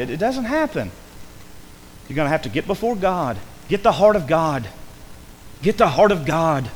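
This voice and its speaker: A man preaching a sermon in a church, impassioned and rising to near-shouts on key words, sometimes acting out a doubting listener in quotes. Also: sits high. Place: church sanctuary. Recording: long hall reverb, faint background noise.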